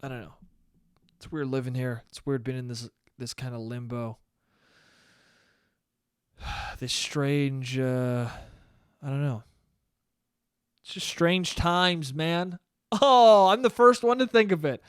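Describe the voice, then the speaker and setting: A man's voice: medium pitch, takes it slowly, pauses often, clear, resonant tone, no room sound, studio quality. A young man in his twenties hosting a solo podcast, rambling in a sardonic, profane way. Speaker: podcast host. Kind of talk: solo comedic podcast monologue.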